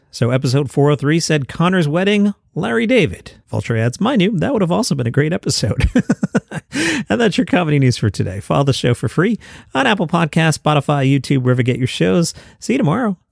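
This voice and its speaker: A man's voice: on the high side, sing-song, fairly quick, vocal fry, no room sound, clean studio sound. A man hosting a podcast news roundup in a casual, wry manner, reading out headlines. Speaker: podcast host.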